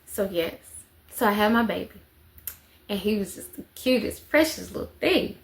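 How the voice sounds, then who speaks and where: A woman's voice: medium pitch, expressive, moderate pace, gravelly. Chatty mother telling a story. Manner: chatty, repeats phrases for emphasis. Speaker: vlogger, mother of four. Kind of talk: casual storytelling to camera.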